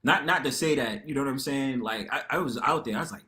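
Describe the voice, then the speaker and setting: A man hosting a livestream panel, talking casually in a loud, expressive way, full of slang and rhetorical tags. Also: quick pace. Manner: loud and expressive, lively pitch swings.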